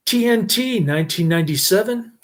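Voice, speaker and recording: Guy doing a slow rambly movie review, a bit high-voiced, keeps chuckling. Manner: slow, halting, laughs at own jokes.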